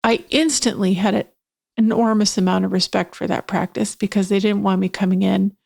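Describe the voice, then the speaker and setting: A woman's voice: medium pitch, fairly even intonation, a little fast, gravelly, a little mellow, breathy edge. A woman guest on a podcast, telling a reflective story in an earnest, sincere way. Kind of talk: conversational podcast talk.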